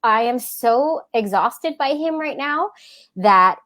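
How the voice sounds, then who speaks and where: A lively woman in her thirties co-hosting a casual podcast. Her voice sits a little high and she tells family stories with animated energy, mimicking her child's voice as she goes. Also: takes it slowly. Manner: animated storytelling, laughs often, acts out her toddler. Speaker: podcast co-host. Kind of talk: casual chat.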